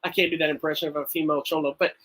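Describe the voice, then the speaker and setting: A man's voice: on the high side, flat delivery, rapid-fire, a bit bright, low-quality recording. A man co-hosting a podcast, rambling through a casual movie review and laughing often. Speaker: podcast co-host.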